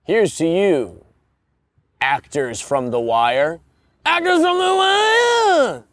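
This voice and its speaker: A man putting on an overblown, drawn-out announcer voice, saluting someone in mock grandeur as a parody. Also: mid-range voice, lively intonation, no room sound, natural voice. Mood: mock-heroic.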